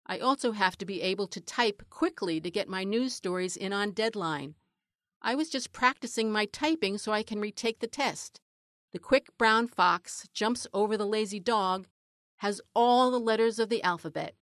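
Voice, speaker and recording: A woman's voice: medium pitch, normal speed, a bit bright, no room sound, lightly acted. Earnest lizard girl, as a woman reads her, plain and matter-of-fact, dry close sound. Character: earnest female lizard, aspiring reporter.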